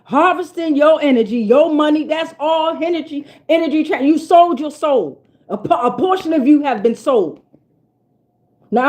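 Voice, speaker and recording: A woman with a fairly high voice reads tarot in a loose, unscripted way. She is blunt and profane, and preaches at her listeners. She repeats lines to drive her point home. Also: darkish tone. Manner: emphatic, repeats herself for weight. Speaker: tarot reader. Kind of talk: casual spiritual tarot reading.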